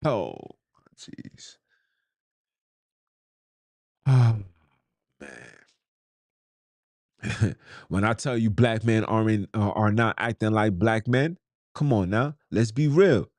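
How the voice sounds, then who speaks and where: A man's voice: fairly low pitch, normal speed, dry recording. A man, hosting a podcast in a blunt, heated, slangy monologue. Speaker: podcast host. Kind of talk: ranting monologue.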